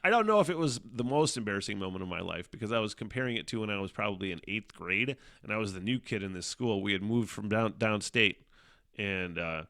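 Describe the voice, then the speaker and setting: A man's voice: fairly low pitch, animated, fast talker, vocal fry, fairly bright tone. Profane, laughing podcast host man. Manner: profane, rambling, laughs often. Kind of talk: casual solo storytelling.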